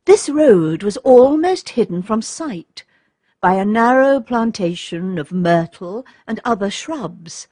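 A woman narrates a storybook in a calm, measured reading. Her voice is husky and her pace is slow and unhurried. The recording is dry and close, with no room echo. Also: medium pitch. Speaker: audiobook narrator.

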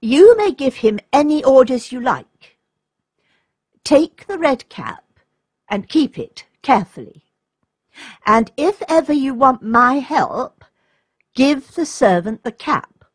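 A woman's voice: high-pitched, sing-song, slow, pauses often, husky, dry recording, studio quality, full character voice. A woman voicing a cheeky, mysterious boy giving instructions in a storybook reading. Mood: playful.

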